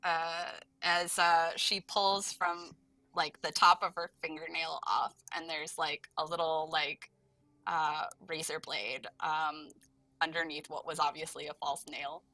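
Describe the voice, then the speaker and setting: Woman, tabletop player, slow, hesitant, bright voice, dry. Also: low voice, level tone, dry recording, low-quality recording. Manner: hesitant, many fillers. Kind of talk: casual tabletop narration.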